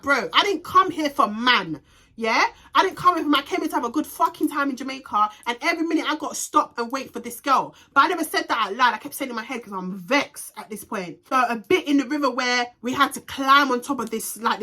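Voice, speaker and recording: A young woman telling a storytime vlog, animated and ranting, swearing heavily and slipping in Jamaican patois slang. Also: high-pitched. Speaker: vlogger.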